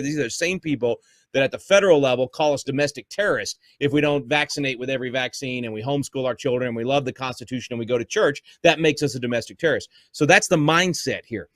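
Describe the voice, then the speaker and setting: A man's voice: a little high, fairly bright tone, no room sound. A man speaks as a guest in a podcast interview, fervent and emotional. He restarts words when he gets upset. The sound is dry and close. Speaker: guest, homeschool advocate.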